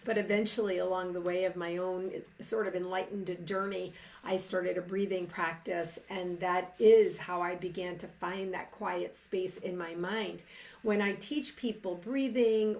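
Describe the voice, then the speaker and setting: A middle-aged woman coach who hosts a live session and guides breathing in a gentle, soothing, unhurried way, letting her phrase endings trail off softly. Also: medium pitch. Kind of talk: slow guided breathing and reflective talk.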